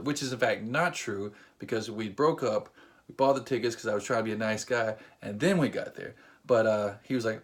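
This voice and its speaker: A young vlogger tells a funny personal story to the camera, casual, animated, and self-deprecating. He has a mid-range voice and speaks quickly.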